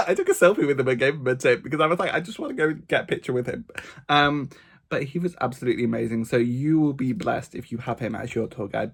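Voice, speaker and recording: A man telling a travel story straight to his camera in a chatty, gossipy vlog style. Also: mid-range voice. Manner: chatty, gossipy, animated storytelling, many fillers. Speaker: travel vlogger. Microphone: camera mic, talking to camera.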